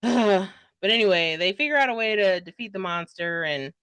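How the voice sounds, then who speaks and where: A woman's voice: medium pitch, moderate pace, a bit bright, clear, resonant tone, no echo. A young woman giving a casual, dramatic book review, full of fillers and rambling asides. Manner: gushing, dramatic, heavy filler "like".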